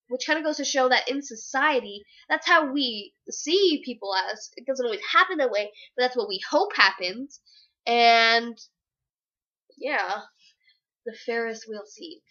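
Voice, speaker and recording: A young woman gushes about a book she loves, retelling scenes with big dramatic swings in her voice. Her voice is high and bright, and she talks at an unhurried pace. The home recording sounds a little dull and lo-fi. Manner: gushing, dramatic, very animated retelling. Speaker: book reviewer. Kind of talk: excited casual book review.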